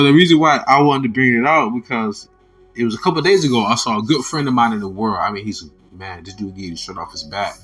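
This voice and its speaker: A man hosting a casual spiritual talk, telling stories loosely and jumping from loud quoted voices to quiet asides, with frequent laughs. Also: mid-range voice. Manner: laughs often between sentences. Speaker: religious video host.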